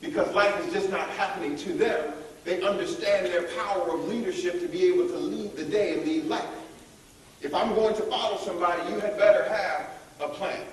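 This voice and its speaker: A man giving a lively motivational leadership workshop, rallying the audience to join in. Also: high-pitched, fairly quick, distant mic, a little hiss or hum. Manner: energetic, calls on the audience to join in. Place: large echoey room at a college event. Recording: echoey room, voice heard from afar.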